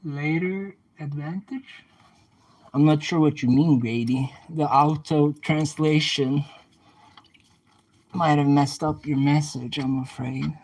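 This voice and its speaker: A man's voice: a little high, slow, a little mellow, rough recording. A young man livestreaming casually, chatting back to viewer comments and playfully trash-talking an oven as he cleans it.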